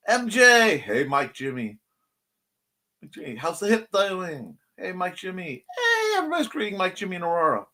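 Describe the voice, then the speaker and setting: A man's voice: high voice, huge pitch swings, normal speed, bright, forceful tone. A man hosting a casual live-stream show, reading viewer comments aloud in a playful way. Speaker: host of a creative morning show.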